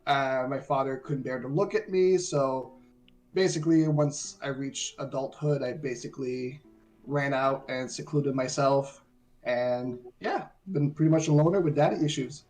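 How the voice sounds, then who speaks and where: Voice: medium pitch, normal speed, a little mellow, soft background music. A player describing their character casually, joking and laughing often.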